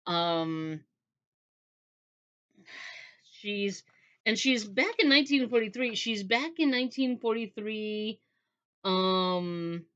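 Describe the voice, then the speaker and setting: A woman talks through a novel in a chatty, rambling way, slipping into bits of acted-out dialogue. Her voice is bright and cutting, and the recording is slightly dull and lo-fi. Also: medium pitch, expressive, slow, long pauses, clean tone. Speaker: book reviewer. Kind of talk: casual book review chat.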